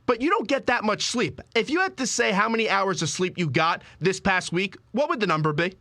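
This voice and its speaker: A man's voice: sits high, lively intonation, brisk, pushed and bright, dry recording. A young man hosting a sports talk radio show, asking eager, talkative questions. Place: radio studio.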